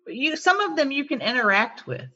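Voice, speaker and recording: A woman's voice: high voice, very animated, brisk, pushed and bright. A woman co-hosting a podcast over a video call, chatting casually in a teasing way. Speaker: podcast co-host. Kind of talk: casual chat. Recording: dull lo-fi video call audio.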